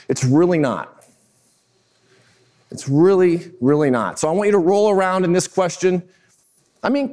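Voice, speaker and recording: Animated man in his fifties telling stories. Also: a little high. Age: 50s. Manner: animated, self-mocking storyteller who acts out scenes. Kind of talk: keynote-style storytelling talk.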